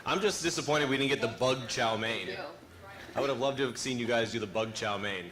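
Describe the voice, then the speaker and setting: A man's voice: medium pitch, fairly quick, a crowd in the background. A man hosting a live food judging contest, playful and teasing with the judges.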